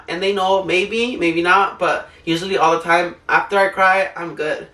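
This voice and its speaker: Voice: medium pitch, moderate pace, hardly any pauses. Young vlogger rambling in a roomy space. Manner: rambling and expressive, acts out own past self-talk. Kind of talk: casual rambling advice chat. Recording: roomy, distant mic, faint music behind.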